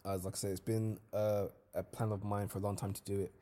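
A man's voice: lowish voice, fast. A young man hosting a solo podcast, talking in a casual, slangy way. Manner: casual slangy storytelling, lively when reliving events. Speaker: podcast host.

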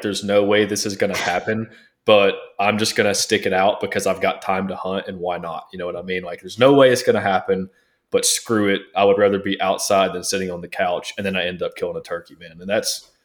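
A man co-hosting a podcast, chatting in a relaxed, joking way. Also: low voice, fairly quick. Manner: relaxed, joking, says dude and man a lot. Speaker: podcast co-host. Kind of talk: casual chat.

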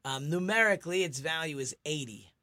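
A man's voice: a little high, animated, fairly quick, pushed and bright. A middle-aged man, a rabbi hosting a radio talk show, chatty and teacherly, telling jokes.

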